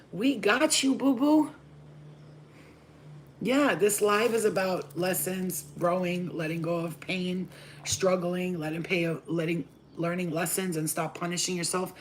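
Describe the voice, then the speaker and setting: Lower-voiced woman tarot reader; blunt, cussing pep talk with lively put-on voices, faint background hiss. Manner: acts out voices of spirits and haters. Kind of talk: livestream tarot reading.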